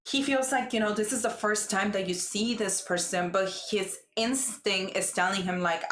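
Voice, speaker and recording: A woman giving a casual, gossipy show recap, chatty and acting out what people said in lively voices. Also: medium pitch, normal speed, hardly any pauses, reverberant. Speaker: recap vlogger.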